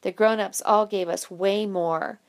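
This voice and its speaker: A woman's voice: mid-range voice, fairly even intonation, unhurried, close to an everyday voice. A woman voicing a boy who is an offhand, dismissive older brother.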